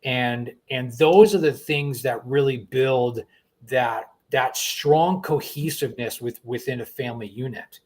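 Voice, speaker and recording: A man's voice: medium pitch, measured pace, darkish tone. Earnest middle-aged male talk host. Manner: earnest, repeats words when starting thoughts. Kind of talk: conversational talk show chat.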